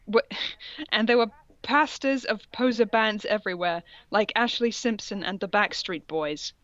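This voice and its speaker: A woman's voice: medium pitch, a little slow, a bit bright, no echo, lo-fi sound. A woman co-hosting a podcast, reading a story aloud for laughs and breaking off to joke and giggle. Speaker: podcast co-host. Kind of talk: comic reading and reaction chat.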